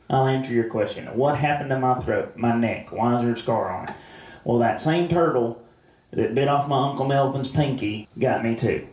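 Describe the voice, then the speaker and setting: A man's voice: mid-range voice, normal speed, darkish tone. A man from Louisiana, holding a comedic mock press conference in a rambling, drawling way full of fillers. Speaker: self-proclaimed outdoorsman at a mock press conference. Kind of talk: deadpan comedic monologue. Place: barn. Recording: echoey room.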